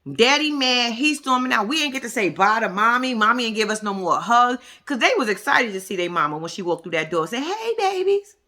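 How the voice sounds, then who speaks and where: Blunt, cursing woman ranting, bright voice. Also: fairly high pitch, fairly quick, few pauses. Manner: addresses viewers directly. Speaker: reality TV commentator. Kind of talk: casual reaction commentary.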